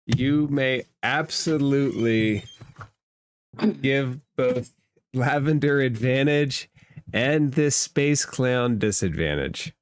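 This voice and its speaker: A man running a tabletop game as game master, narrating slowly. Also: mid-range voice.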